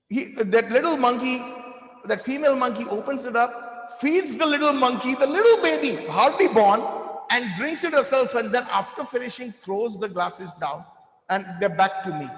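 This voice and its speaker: A man giving devotional storytelling talk at a temple, lively and anecdotal, slipping in Hindi phrases. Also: very high-pitched. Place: temple hall. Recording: echoey hall with long reverb.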